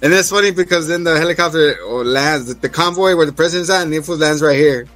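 Male podcast host, slightly high voice, loose and jokey, acts out scenes, faint music bed. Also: fast, fairly bright tone. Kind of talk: casual TV recap chat.

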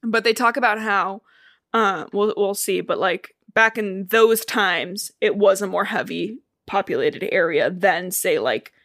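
A woman's voice: medium pitch, measured pace, fairly bright tone, no room sound, studio quality. A woman with a Midwestern American accent, co-hosting a casual book podcast, chatty and swearing freely. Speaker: podcast co-host.

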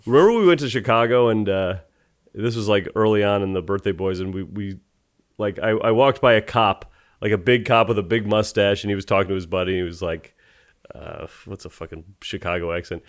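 A man co-hosting a podcast, talking in an animated, jokey way and laughing often. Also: on the low side, a little fast. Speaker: podcast co-host. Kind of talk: casual chat.

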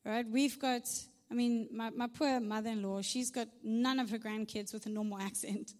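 A woman's voice: a little high, steady tone, moderate pace, a little mellow. Reverberant woman preaching. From South Africa. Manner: chatty, checks in with "right?", humorous asides. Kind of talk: conversational sermon.

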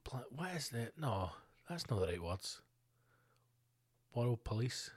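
A man's voice: medium pitch, big pitch swings, slow, slightly rough. A man hosting his own podcast, rambling through a profane, casual solo rant full of fillers and asides. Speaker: podcast host.

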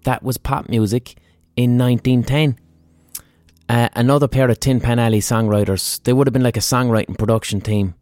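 A man's voice: medium pitch, steady tone, normal speed, a little mellow, no echo. Blunt, swearing Irish man hosting a podcast. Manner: blunt and profane, with many ums and asides. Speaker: podcast host. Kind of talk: casual history podcast chat.

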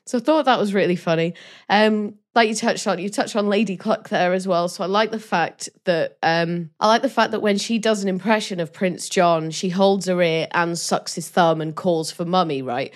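A woman chatting about a film as a podcast co-host, expressive and laughing as she acts out voices. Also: on the low side, moderate pace. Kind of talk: casual film chat.

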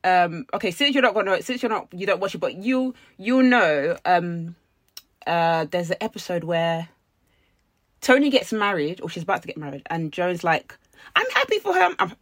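A woman's voice: on the low side, moderate pace, no room sound. Chatty woman, dry sound. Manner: chatty, animated storytelling. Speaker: podcast co-host. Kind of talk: casual chat.

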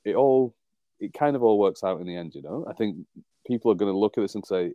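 A man's voice: on the low side, lively intonation, fast, dark tone, no room sound. A man from England co-hosting a rugby podcast in casual chat, rambling and wry, often laughing at his own jokes. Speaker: podcast co-host.

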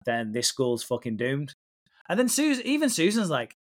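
A man in a casual podcast chat, swearing freely and joking as he recaps a soap. He slips in and out of the characters' lines, and his pitch sits in a middle range for a man. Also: huge pitch swings, moderate pace. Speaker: podcast co-host.

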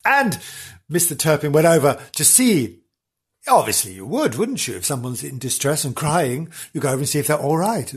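A man's voice: fairly high pitch, very animated, normal speed, breathy edge. A man hosting a podcast, telling a comic history story in a theatrical, gushing way full of exclamations and jokes. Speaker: podcast host.

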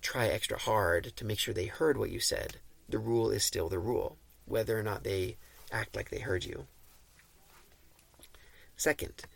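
A man hosting a podcast who reads and explains parenting advice in a calm, instructive, measured way. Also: on the low side, creaky, slightly rough. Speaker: podcast host.

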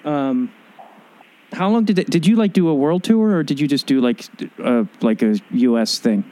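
A man hosting an interview, asking relaxed, curious, rambling questions in a casual chat. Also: on the high side, normal speed, poor audio. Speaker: podcast host.

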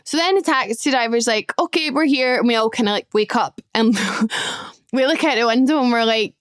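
A young woman host talks straight into a close, dry mic. Her voice sits a little high and comes across smooth and clear. She gushes through a casual story and swears freely. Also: moderate pace, no room sound. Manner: chatty, gushing, swears casually. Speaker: podcast host.

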